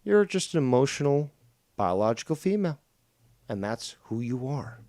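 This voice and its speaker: Male streamer, mocking and combative, lively swooping delivery, dry close sound. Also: mid-range voice, moderate pace, no echo. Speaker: streamer reacting to a clip. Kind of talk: casual stream commentary.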